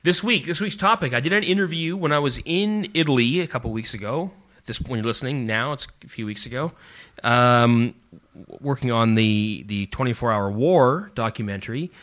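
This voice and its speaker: A man's voice: mid-range voice, moderate pace, a bit bright. A Canadian man hosting a podcast, talking in a rambling, casual way with many restarts. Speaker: podcast host. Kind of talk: casual chat.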